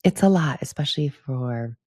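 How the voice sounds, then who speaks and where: A woman's voice: extremely low pitch, animated, normal speed, dark tone, slightly rough. A middle-aged woman hosting a solo podcast, talking candidly and chattily to her listeners and laughing often. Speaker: podcast host. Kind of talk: casual solo podcast chat.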